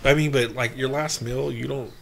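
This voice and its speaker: Male podcast host, gravelly mid voice, animated casual storyteller who swears. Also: mid-range voice, moderate pace. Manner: storytelling with lots of acted-out quotes and laughs. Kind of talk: casual chat.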